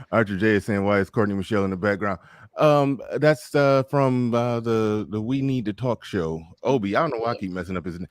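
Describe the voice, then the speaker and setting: A man hosts a casual livestream talk show in a somewhat low voice. He jokes around, swears and laughs through his chatter. The sound is dry and close, with no room around it. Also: fairly quick, dry recording. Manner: joking, swearing, laughing at his own stories.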